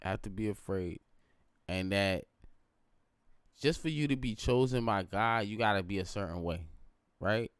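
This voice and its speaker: Low smooth dude rambling on a late nite stream, keeps going "you know what im saying", dry sound. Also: male voice, measured pace, long pauses, no room sound. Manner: rambling and reflective, repeats phrases, asks "you know what I'm saying". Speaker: live streamer. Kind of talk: late-night casual live stream monologue.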